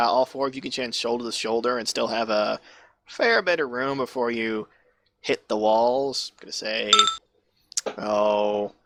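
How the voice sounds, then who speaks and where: Creaky bright-voiced male game master. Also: mid-range voice. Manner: casual, rambling, swears freely. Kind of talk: narrating a tabletop game online.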